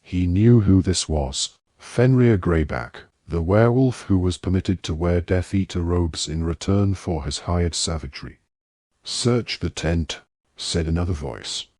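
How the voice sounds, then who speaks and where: A man narrating an audiobook in a steady, even reading voice. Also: low-pitched, no room sound, clean studio sound. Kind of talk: scripted narration.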